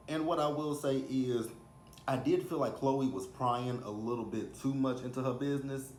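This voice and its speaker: A Texan man in his thirties chats casually while recapping a reality TV episode, animated and acting out what people said. His medium-pitched voice moves at a moderate pace, recorded with roomy echo, faint ambience and a little hiss or hum.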